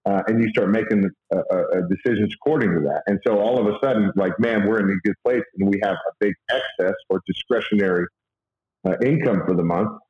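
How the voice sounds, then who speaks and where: An earnest man talks things through in a lowish voice, stopping and restarting often. The recording is roomy and has a dull, lo-fi tone. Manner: halting, many fillers and restarts, earnest. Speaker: guest sharing faith and money advice. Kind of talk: casual conversational talk.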